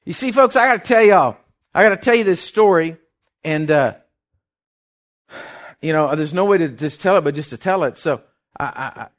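A man preaching a sermon, impassioned, rising loud then dropping soft, often restarting his words. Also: a little high, expressive, normal speed, long pauses.

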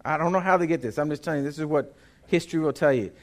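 A man's voice: on the high side, racing. A man, a pastor preaching a sermon in a folksy, joking way with asides to the congregation. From Texas.

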